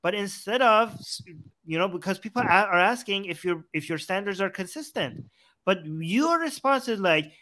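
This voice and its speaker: A man with a high, bright, keen voice hosts a heated debate. He cuts in often and presses his point insistently, talking over the other side. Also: expressive, normal speed. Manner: insistent, interrupting, argumentative; mocks his opponent's words in a put-on voice. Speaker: debate show host.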